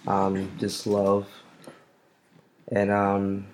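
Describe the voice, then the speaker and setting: A man co-hosting a casual podcast, telling a story slowly with many ums. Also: lowish voice, monotone, darkish tone, a little hiss or hum. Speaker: podcast co-host. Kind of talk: casual chat.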